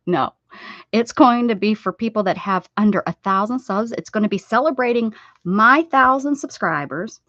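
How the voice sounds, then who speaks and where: A woman's voice: mid-range voice, normal speed, a bit bright, no room sound. Woman, rambling craft stream host, chatty with viewers, muffled lo-fi sound. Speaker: livestream host. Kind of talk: casual livestream chat while sewing. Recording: dull, dry lo-fi sound.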